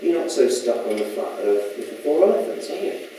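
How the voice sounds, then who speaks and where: A man's voice: mid-range voice, big pitch swings, fairly quick, warm tone. A man giving a casual public lecture in a chatty, rambling way, often asking the audience questions. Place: lecture room. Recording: echoey hall from far off with faint noise.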